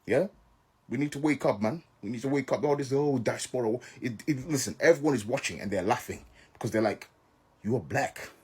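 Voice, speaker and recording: A man's voice: medium pitch, lively intonation, fast, darkish tone, slightly rough. A man from Africa giving an emphatic opinion monologue, often checking in with "yeah?" and "right?". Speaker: commentator.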